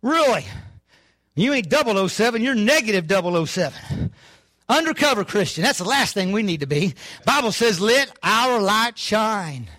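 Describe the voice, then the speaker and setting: An older man, preaching a sermon with fervor that rises to shouts. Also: sits high, expressive, normal speed, dry recording. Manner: fervent, rising to shouts, southern-style preaching. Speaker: pastor.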